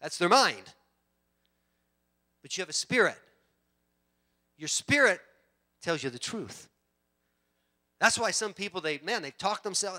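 A man preaching a sermon, swinging from loud emphatic bursts to hushed storytelling. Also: high voice, very animated, measured pace, long pauses. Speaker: pastor.

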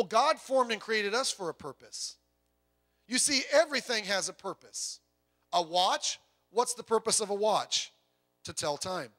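This pastor's sermon comes in a high-pitched, bright, forceful male voice. His tone is conversational, with rhetorical questions aimed at the congregation and joking asides along the way.

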